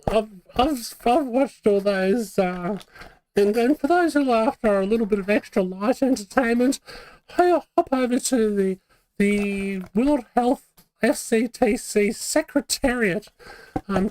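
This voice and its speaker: A chatty woman hosts a live stream, talking loosely and circling back on herself as she goes. Her voice is mellow and warm, and the sound is close and dry with no room echo. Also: medium pitch. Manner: chatty and rambling, many fillers and restarts. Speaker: vlog host. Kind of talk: casual live-stream chat.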